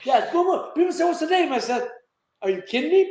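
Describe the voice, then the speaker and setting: A man chatting as a guest on a show, joking and breaking into loud exclamations. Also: extremely high pitch, expressive, a little fast, slight background noise. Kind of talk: casual chat. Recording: echoey room audio.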